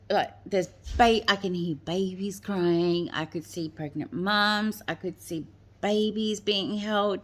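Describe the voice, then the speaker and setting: Woman, slightly low pitch, rambling storytelling, lots of fillers. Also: fairly bright tone. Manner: rambling, many fillers, quotes others' words. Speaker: guest telling her story. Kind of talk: personal storytelling.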